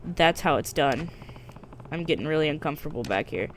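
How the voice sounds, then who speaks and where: Brief: woman reading as a deadpan yakuza man, lowered a little, dry and plain, faint hiss behind. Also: a little fast. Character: stoic middle-aged male yakuza hero. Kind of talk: reading game dialogue aloud on stream.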